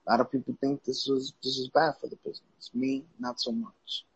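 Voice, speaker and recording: A man's voice: medium pitch, little pitch movement, fairly quick, breathy edge, no room sound. A man co-hosting a casual wrestling chat, rambling and cursing freely, often restarting his sentences. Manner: loose, profane, rambling with restarts. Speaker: podcast co-host. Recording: dull lo-fi audio.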